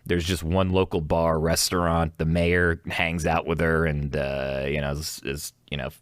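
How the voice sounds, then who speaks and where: A man's voice: very deep voice, level tone, unhurried, no room sound, studio quality. A young man hosting a podcast, chatting casually and rambling with fillers, swearing now and then. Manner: rambling, profane, mimics characters in mocking voices. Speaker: podcast host. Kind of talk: casual solo chat.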